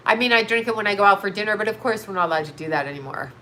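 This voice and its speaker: A woman's voice: medium pitch, lively intonation, quick pace, sharp tone, a little hiss or hum. A middle-aged woman hosting a livestream, chatting with viewers in a blunt, rambling, indignant way. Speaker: livestream host reading chat. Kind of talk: casual ranting livestream chat.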